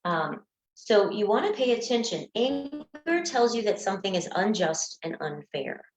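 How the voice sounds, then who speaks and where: A woman's voice: mid-range voice, big pitch swings, moderate pace, soft background music. A woman coaching listeners through breakup stages in an earnest teaching talk, sometimes acting out examples. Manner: earnest, acts out examples in small voices. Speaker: anxiety coach. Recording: echoey room, dull lo-fi sound.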